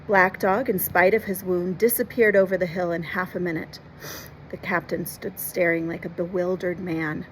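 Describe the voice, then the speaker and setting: A woman reading a classic adventure novel aloud, expressively, pausing to explain words and events for children. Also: on the low side, steady tone, a little hiss or hum, low-quality recording. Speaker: storyteller and teacher.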